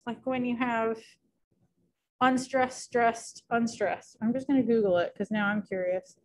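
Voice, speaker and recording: A woman's voice: a little high, fairly even intonation, measured pace. A woman teacher giving a casual recorded lecture, chatty and thinking aloud with many fillers.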